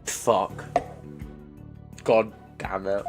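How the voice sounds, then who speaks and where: Reading game dialogue aloud in a let's play, a gaming streamer with a blocked nose reacts with feeling, groaning and cursing. He speaks in a mid-range voice, unhurried and with long pauses, while music plays behind him.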